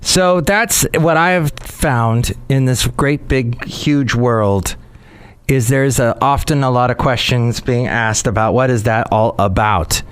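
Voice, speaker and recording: A man's voice: mid-range voice, slow pace, clear, resonant tone. A man hosting a podcast in a rambling, jokey, digressive monologue. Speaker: podcast host. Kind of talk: casual chat monologue.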